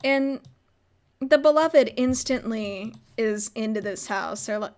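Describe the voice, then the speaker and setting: A woman's voice: on the high side, slow pace, darkish tone. Giggly young woman streamer. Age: young adult. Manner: rambling, giggly, lots of filler "like". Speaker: streamer recapping a roleplay server. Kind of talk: casual livestream chat.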